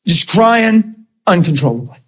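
A man with a husky, breathy voice pitched well above most men. He is a Christian minister telling stories in an emphatic, animated chat, his pitch swinging widely and laughter breaking into his words. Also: a little slow.

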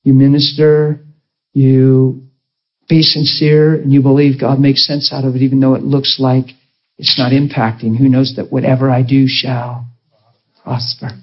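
Man preaching, husky voice, emotional storytelling, acts out quoted voices, muffled lo-fi live recording. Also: mid-range voice, level tone, a little slow. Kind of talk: storytelling sermon.

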